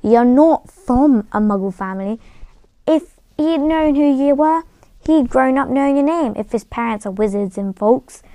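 A woman voicing a loud, blunt giant of a man. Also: fairly high pitch, dry recording, natural voice. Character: big hearty adult male groundskeeper, blunt and kind. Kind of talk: storybook reading with voices.

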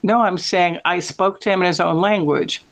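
This American man's voice sits high and sounds a bit bright, with fairly even intonation at a moderate pace. In casual chat he tells meandering stories, stopping to correct himself along the way.

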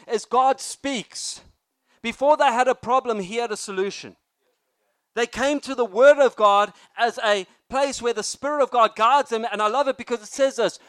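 A young adult man preaching a sermon with energy and humor, rising to loud emphasis on key points and chatting with the congregation. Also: extremely high pitch, smooth, no room sound.

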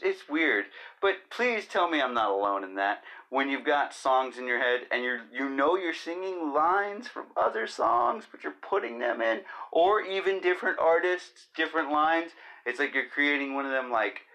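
A man's voice: mid-range voice, vocal fry, bright, forceful tone. A man in his thirties hosting a casual solo podcast, rambling and joking, often slipping into silly voices and bits of singing. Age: 30s. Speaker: podcast host.

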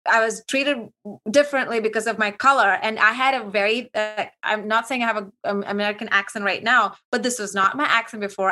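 A young adult woman from Kuwait, a podcast guest telling her personal story in a lively way, acting out quoted dialogue. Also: mid-range voice. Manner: animated, acts out quoted dialogue.

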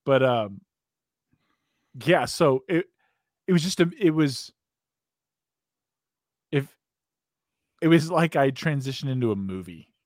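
A man's voice: medium pitch, lively intonation, slow pace, long pauses, darkish tone, no echo, studio quality. A man with an American accent, hosting a podcast and telling a long, profane, rambling story in casual chat, often breaking into laughter. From United States. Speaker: podcast host.

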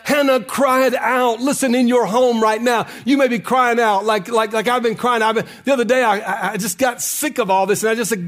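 A male pastor preaching a sermon, often breaking into a sung cadence and climbing to shouts. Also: extremely high pitch, fairly even intonation, brisk, hardly any pauses.

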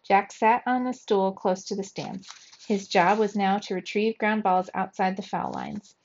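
A woman reading a children's chapter book aloud to young students, steady and clear, with lively shouts for the characters. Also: mid-range voice, unhurried. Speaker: storybook reader for young children. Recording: dull lo-fi recording.

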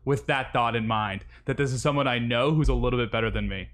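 A man in casual gaming chat, telling animated stories and acting out what others said. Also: mid-range voice, fast. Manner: animated storyteller, acts out quotes.

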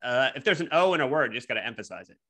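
Bright-voiced Philly man, joking banter. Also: medium pitch, lively intonation, rapid-fire. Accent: Philadelphia. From Philadelphia. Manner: joking, riffing, laughs easily. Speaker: podcast co-host. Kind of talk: casual podcast banter.

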